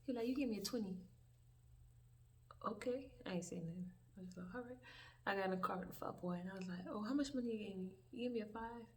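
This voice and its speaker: A woman's voice: medium pitch, fast. A young woman, telling a rambling, profane story in a casual storytime vlog. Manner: rambling, profane, animated storytelling with many asides. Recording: distant mic, faint background hiss.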